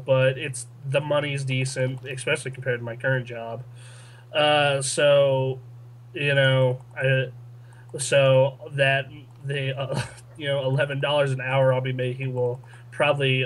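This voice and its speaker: A man's voice: mid-range voice, flat delivery, a little slow, rough recording. A young man co-hosting a casual gaming podcast, rambling with lots of fillers and restarts. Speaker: podcast co-host reading listener questions. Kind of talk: casual chat.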